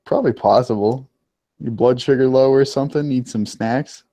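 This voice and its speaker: A man's voice: mid-range voice, moderate pace, dark tone, dry recording. A young man in casual chat, joking wryly about college classmates and swearing casually. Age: young adult.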